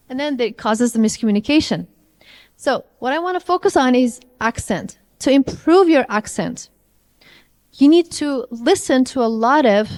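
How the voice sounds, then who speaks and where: A woman's voice: sits high, a little mellow. A woman giving an interactive language lecture to a live audience, often asking them questions. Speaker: IELTS trainer. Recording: long hall reverb.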